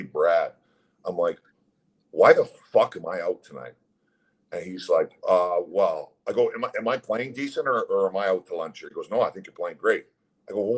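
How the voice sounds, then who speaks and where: Low husky profane man telling stories. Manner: blunt, profane, heated storytelling. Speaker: former hockey player, guest. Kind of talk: casual storytelling interview.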